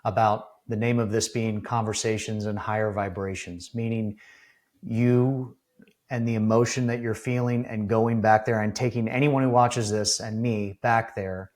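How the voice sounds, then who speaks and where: A man's voice: lowish voice, level tone, moderate pace, a little mellow. A middle-aged man hosting a podcast, asking searching, rambling questions full of ums and restarts. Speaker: podcast host. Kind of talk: casual interview conversation.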